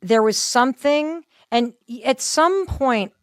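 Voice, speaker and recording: A woman in her fifties, telling stories in a casual chat in an animated, self-deprecating way and acting out what people said. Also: sits high, a little slow, dry recording, studio quality. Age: 50s. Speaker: guest.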